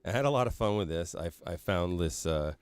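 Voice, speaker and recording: Casual podcast host, a low-voiced man, loose and rambling, dry room. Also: animated, brisk, clean tone, no room sound. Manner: rambling, laughs often, many fillers. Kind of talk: casual chat.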